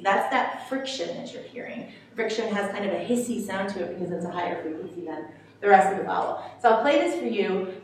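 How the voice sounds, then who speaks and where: A woman's voice: medium pitch, a little mellow. A woman sociolinguist giving an explanatory lecture, talking it through with frequent ums. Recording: very echoey room, distant mic, faint noise.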